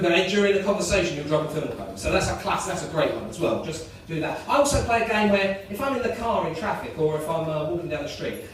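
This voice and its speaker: A man does live stand-up in a chatty, self-mocking way. His voice sits fairly high. He is heard from a distance in an echoey club over a noisy room. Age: 30s. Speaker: stand-up comedian. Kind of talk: live stand-up with crowd work. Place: comedy club.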